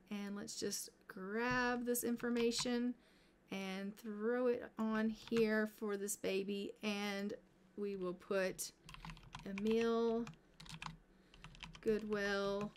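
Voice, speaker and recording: A woman's voice: mid-range voice, slight background noise. A woman casually commenting on her life-sim gameplay, chatting to her characters as she plays. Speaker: gameplay streamer.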